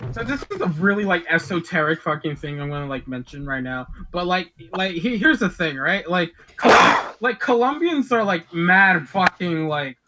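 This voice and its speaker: A man's voice: high voice, sharp tone, slight background noise, poor audio. A young man in casual chat with friends, rambling with many filler words and frequent swearing.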